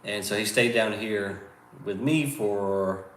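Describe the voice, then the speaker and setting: A man in his forties with a Southern US drawl, hosting a casual livestream chat in a relaxed, drawn-out way. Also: fairly low pitch. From American South. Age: 40s. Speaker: channel host. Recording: echoey room with faint noise.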